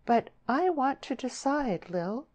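A shy young country girl in a spoken storybook, plaintive and hesitant, lifting her words higher in rustic dialect speech. A woman reader puts her on. The tone stays soft and pleading. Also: big pitch swings, slow pace, exaggerated voice.

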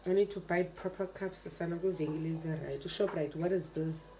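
A woman's voice: lowish voice, brisk, hardly any pauses, background noise. A young South African woman vlogging in a casual, chatty way, complaining in an exasperated tone and talking straight to her viewers. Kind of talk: casual vlog chat to camera. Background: background music.

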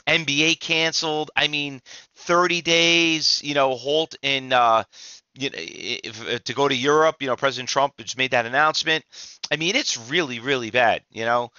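A man's voice: medium pitch, moderate pace, bright, forceful tone, smooth, no room sound, dull audio. A middle-aged man, an exhausted trading instructor giving rambling, emphatic market commentary to viewers with many restarts.

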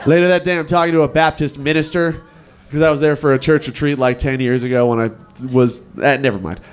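Fast and somewhat high-pitched, a Nevada stand-up in his twenties jokes wryly at his own expense on a club stage. He throws in animated impressions of local people.

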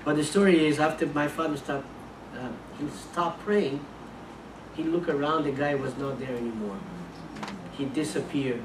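Earnest preacher in an echoey church. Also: male voice, a little high, moderate pace, background noise. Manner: repeats and restarts words, earnest storytelling. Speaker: missionary preacher. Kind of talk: sermon with a personal story. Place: church sanctuary. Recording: echoey church room, mic at a distance.

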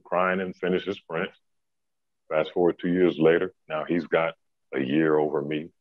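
With an extremely low-pitched voice, this middle-aged man, once a professional basketball player, spins casual stories in a relaxed, laughing manner full of filler words. There's no echo; the audio is dry and tinny, like a phone.

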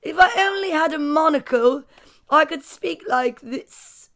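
A woman voicing a prim, posh gentleman with a mustache, in an affected, drawn-out way of speaking. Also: high-pitched.

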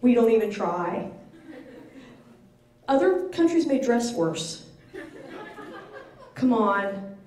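An American woman author telling stories to a live bookstore audience, lively and animated, laughing often. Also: fairly high pitch, takes it slowly, long pauses, slight background noise. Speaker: author at a book signing. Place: bookstore event room. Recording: echoey room, distant mic.

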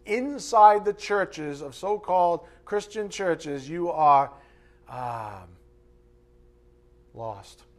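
A man preaching a live sermon from a church pulpit, emphatic and conversational with mocking asides. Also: on the high side. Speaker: pastor.

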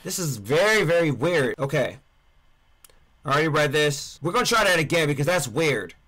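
A young man playing horror games for a channel, excitably yelling at the screen and trash-talking the enemies. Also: fairly high pitch, normal speed. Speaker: gaming YouTuber. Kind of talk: let's play commentary.

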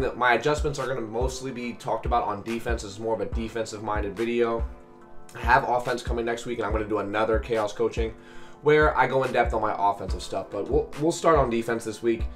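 A man with a cold talks through his football game in a raspy, hoarse voice, breaking into loud cheers when a play lands. His voice sits in an ordinary middle range. Soft background beats play quietly behind him. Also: medium pitch. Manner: hyped, cheering at plays. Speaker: gaming commentator. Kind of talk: video game commentary. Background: faint background beats.

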